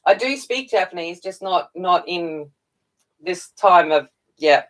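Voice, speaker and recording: A woman who hosts a coloring channel livestreams casually from home, tired and chatty, greeting viewers by name and talking while she eats. Her lowish voice is animated but slow, and the audio quality is poor.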